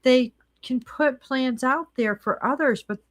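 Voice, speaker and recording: A woman with a slightly high voice chats casually. She hesitates often and searches for her words as she goes. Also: unhurried, no echo, clean studio sound. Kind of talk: casual chat.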